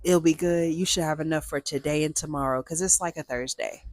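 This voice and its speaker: A woman doing a calm fatherly older man. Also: sits low, fairly quick, dry recording, pitched below the performer's own voice, close to an everyday voice. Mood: calm, reassuring.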